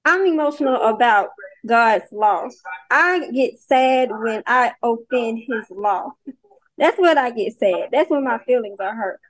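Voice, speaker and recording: A woman's voice: on the high side, dry recording, low-quality recording. A woman calling in to a group call, speaking in an impassioned, emphatic way with rhetorical questions. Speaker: caller, mother of a ten-year-old.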